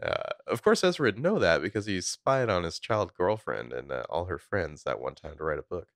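A man's voice: sits low, very animated, no echo, studio quality. A man co-hosting a podcast, casually recapping a TV episode scene by scene and swearing now and then. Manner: laid-back, recounting scenes with quick quoted lines and swearing. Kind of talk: casual chat.

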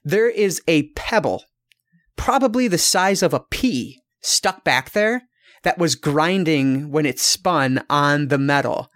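Michigan guy, podcast co-host, fairly high voice, loose, rambling, swears freely. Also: expressive, slow, fairly bright tone. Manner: rambling, swears freely, many fillers and restarts. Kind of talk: casual chat, storytelling.

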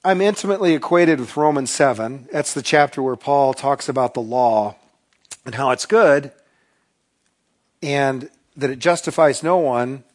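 A man preaching a sermon, earnest and confessional, swinging from loud emphasis to hushed asides. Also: mid-range voice, unhurried. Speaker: pastor.

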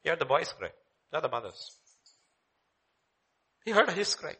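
A man preaching a sermon, dramatic, swinging between loud declaiming and hushed low lines. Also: sing-song, unhurried, gravelly, pauses often, slightly rough.

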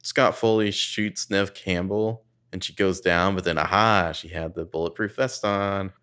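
A man's voice: low voice, steady tone, unhurried, a bit bright, clean tone. A man in casual chat, recapping a film with profane, sardonic asides and rambling digressions.

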